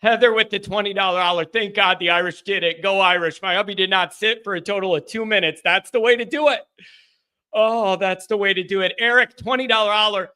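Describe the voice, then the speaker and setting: A man's voice: sits high, pushed and bright, smooth. A man hosting a postgame call-in livestream who is overcome with emotion. He reads out viewer messages in a breathless, rambling way and keeps losing his place. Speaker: livestream host.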